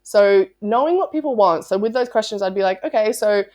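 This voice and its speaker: A woman's voice: medium pitch, expressive, brisk, dark tone. A woman talking casually as a sales coach, bubbly and chatty, with lots of "like" fillers. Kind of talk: casual motivational talk.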